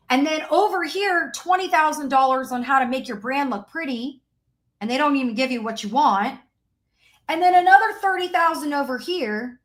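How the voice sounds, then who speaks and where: A woman business coach hosting a live online masterclass, pitching emphatically, repeating herself and greeting viewers in the chat by name. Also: pushed and bright. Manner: emphatic, repetitive, talks to viewers joining the chat. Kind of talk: live-stream sales pitch.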